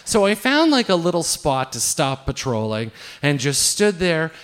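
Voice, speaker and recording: An older man from Ireland telling a profane, comic story live, often laughing and loudly acting out the dialogue. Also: a little high, moderate pace. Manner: profane, animated, laughing, quoting himself loudly.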